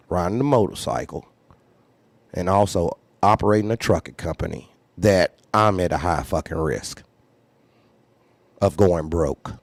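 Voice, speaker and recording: Deep-voiced and recorded with no room sound, a trucking company owner bluntly recounts a story with plenty of profanity. He repeats phrases to hammer points home and raises his voice when acting out what others said.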